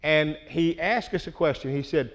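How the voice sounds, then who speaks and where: A middle-aged man preaches in a plain, conversational style, earnest and direct with his listeners. His voice sits slightly high for a man. He often pauses to check in with a quick "okay?". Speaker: pastor. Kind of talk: sermon.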